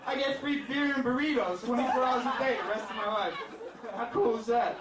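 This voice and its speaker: High-voiced rambling stand-up comic. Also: male voice, fairly quick. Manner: rambling, crude, self-deprecating with many fillers. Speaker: stand-up comedian. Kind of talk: stand-up comedy set. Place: comedy club stage with a laughing crowd. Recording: echoey club, distant mic, loud crowd laughter.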